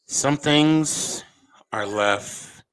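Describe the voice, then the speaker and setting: Speaking extremely slowly, a livestream host with a fairly high, slightly bright voice reads out comments, jokes around, and wanders off mid-thought as he cuts himself off.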